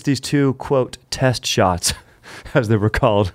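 A man hosting a comedy podcast, telling a history story in an animated, joking way full of puns. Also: on the low side, slow, hardly any pauses, no echo, clean studio sound. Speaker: podcast host.

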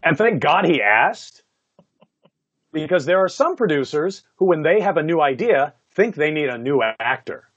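A man, a voice actor, telling stories from his career in a casual interview, animated and laughing often, with many "you know" fillers. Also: a little high, normal speed, slightly rough, dry recording, muffled recording. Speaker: voice actor guest.

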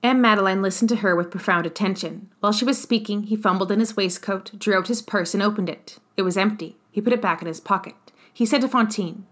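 A woman's voice: mid-range voice, a little fast, few pauses. Woman reading a classic novel aloud. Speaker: audiobook narrator.

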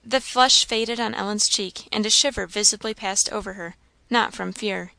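A woman reading a novel aloud in a steady, measured narration. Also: medium pitch, gravelly, no echo. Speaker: audiobook reader.

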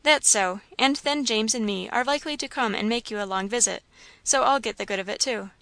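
A woman's voice: on the high side, brisk, fairly bright tone, no room sound. A woman voicing a bossy, stingy older country aunt with a blunt rural dialect. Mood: scheming.

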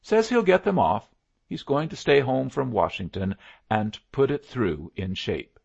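A man reading an audiobook, voicing a plainspoken adult male Western lawman in a gravelly voice. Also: mid-range voice, big pitch swings, unhurried, muffled recording, voice pushed up, heavily acted. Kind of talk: audiobook character voice.

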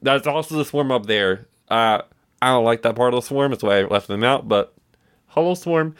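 A man's voice: medium pitch, moderate pace, clear, resonant tone, close to an everyday voice. A man voicing an earnest, eager ambassador character who rambles politely in a tabletop game. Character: earnest, eager young ambassador rock creature.

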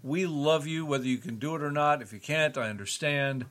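A man's voice: on the high side, a little fast, fairly bright tone. A man co-hosting a podcast, chatting casually with folksy, joking asides and ad-libbing a plug for the show. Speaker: podcast co-host. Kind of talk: casual chat, ad-lib plug.

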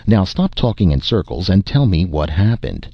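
A man voicing a calm, dryly teasing alien traveler visiting an old friend. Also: sits low, normal speed, creaky, no room sound, muffled recording, heavily acted. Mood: wry. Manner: dry, mildly teasing.

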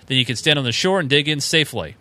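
A man's voice: medium pitch, lively intonation, fast talker, sharp tone, no room sound. A man co-hosting a casual podcast, reading listener emails aloud with fillers and small chuckles.

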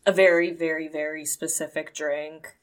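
A woman's voice: low voice, little pitch movement, normal speed. A woman co-hosting a podcast, telling celebrity gossip casually and swearing freely. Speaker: podcast co-host. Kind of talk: casual chat.

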